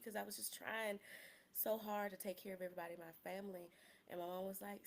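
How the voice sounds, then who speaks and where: A woman's voice: mid-range voice, moderate pace, pauses often, a little hiss or hum. A woman in her thirties hosting a personal podcast, talking candidly and emotionally, close to tears at times, with casual slangy humor. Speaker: podcast host.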